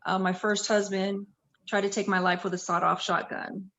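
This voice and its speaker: A woman's voice: mid-range voice, flat delivery, moderate pace, fairly bright tone, lo-fi sound. A woman in her fifties from the Los Angeles area telling her life story in a chatty way, often correcting herself. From Los Angeles area, USA. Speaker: interview guest. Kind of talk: casual interview storytelling.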